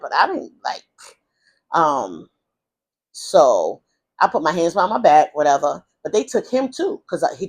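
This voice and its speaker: A husky-voiced woman vlogger rambles through a casual storytime monologue about her life, full of fillers and restarts. She retells events with animation, acting out quoted voices in a high pitch.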